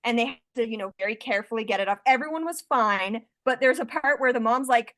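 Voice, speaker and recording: A woman's voice: a little high, fast, few pauses, a bit bright, no room sound. A woman author appearing as a guest, talking in an easygoing, chatty way. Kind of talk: casual chat.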